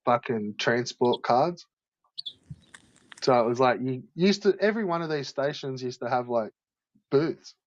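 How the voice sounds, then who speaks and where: A man's voice: mid-range voice, measured pace, long pauses, no echo. Sweary man telling a story. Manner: swears a lot, heavy use of "like", animated retelling. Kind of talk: casual storytelling chat. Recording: dull lo-fi dry recording.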